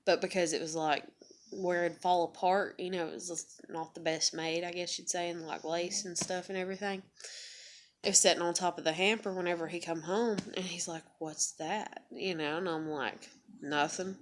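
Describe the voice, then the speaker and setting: A woman's voice: on the low side, steady tone, fairly quick, slight background noise. A young woman telling a personal story in a rambling, candid vlog, swearing freely and full of fillers. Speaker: vlogger. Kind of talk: confessional vlog monologue.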